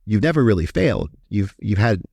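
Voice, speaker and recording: Podcast guest from Kentucky, low-pitched man, animated and profane, dry close sound. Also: brisk, creaky, dry recording. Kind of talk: casual storytelling interview.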